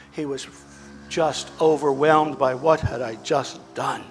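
A man preaching a sermon in a dramatic way, swinging between emphatic lines and hushed ones. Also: mid-range voice, fairly even intonation, slow, slight background noise.

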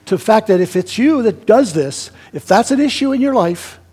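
A man preaching a sermon as pastor, emphatic and swinging between raised and hushed delivery. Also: high voice, animated, moderate pace, slightly rough.

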